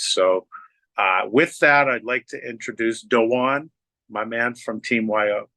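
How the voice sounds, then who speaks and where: A man hosting a team call, telling a moving story in a halting way with many fillers and restarts. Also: medium pitch, sharp tone, no echo. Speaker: team leader hosting a family night call. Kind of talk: emotional storytelling to his team.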